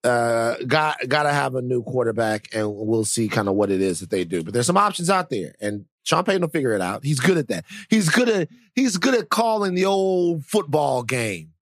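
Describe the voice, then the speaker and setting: A man in the middle of his range talks at a podcast mic. His chat rambles along, animated and self-mocking. The sound is close and dry, with no room behind it. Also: mid-range voice, normal speed, hardly any pauses, no room sound. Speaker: podcast co-host. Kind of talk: casual chat.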